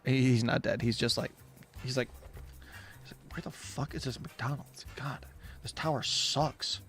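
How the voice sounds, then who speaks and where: A young man streaming a video game tournament, commentating with excited exclamations, laughter and quick character voices. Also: mid-range voice. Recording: game music playing behind.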